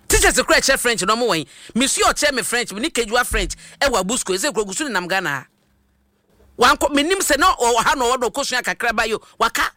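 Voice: mid-range voice, pushed and bright, no room sound. A radio host giving emphatic commentary, asking rhetorical questions into a studio microphone.

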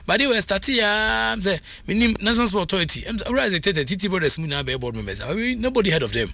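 A man with a Ghanaian accent, talking in an animated, casual way as a sports commentator, moving back and forth between English and Twi. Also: high-pitched, fast, gravelly, dry recording. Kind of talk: casual chat.

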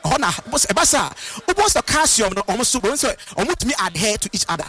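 A man lectures on a radio health show in an animated, sing-song manner. His voice sits high and swoops widely, with a bright, forceful edge. Faint music plays behind him. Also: brisk. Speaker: herbal medicine guest.

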